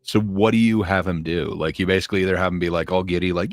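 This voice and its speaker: A man's voice: low-pitched, steady tone, fast talker, few pauses, no room sound, clean studio sound. A man hosting a podcast, chatting casually about films, laid-back with frequent fillers and chuckles. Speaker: podcast host. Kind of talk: casual chat.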